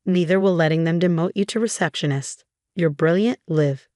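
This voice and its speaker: Woman doing a blunt fired-up best friend, loyal and indignant, low voice. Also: moderate pace, a little mellow, no echo, clean studio sound, lightly acted.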